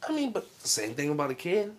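A man co-hosting a casual reaction chat, talking in a loud, slangy and profane way. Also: on the high side, wildly swooping pitch, fairly quick. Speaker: co-host.

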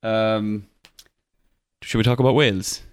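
Young Irish male podcast host, low-pitched, chatty and rambling, dry close recording. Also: fairly even intonation, a little slow, clean tone, no room sound. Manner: chatty, laughs often, many fillers and restarts. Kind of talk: casual football podcast chat.

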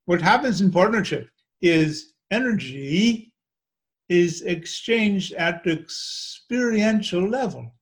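A man in a channeling trance, voicing a gentle, wise spirit who speaks as a small Indian man with an Indian accent and a slow, measured, preaching manner. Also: high-pitched, expressive, pitched above the performer's own voice, heavily acted. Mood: serene. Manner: slow, measured, sermon-like, repeats "you see".

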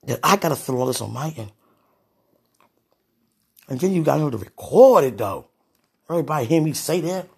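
A young woman with a somewhat low voice talks to her viewers from bed in a casual, confessional way. She sighs a lot and mutters dramatic pleas to God. Her volume swings from quiet murmurs to loud outbursts. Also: big pitch swings, normal speed, creaky, pauses often. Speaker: vlogger.

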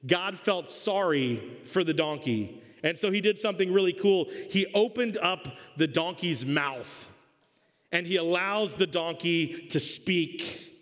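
A male pastor preaching a sermon, telling the story in a lively, humorous way. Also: high voice, a little slow. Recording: long reverb of a church hall.

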